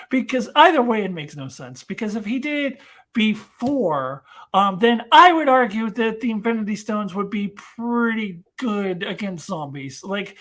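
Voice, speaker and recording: A woman hosting a casual live discussion stream, talking in an animated, ranting way. She builds her points with exasperated energy and slips into mocking little voices as she goes. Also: medium pitch. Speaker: host.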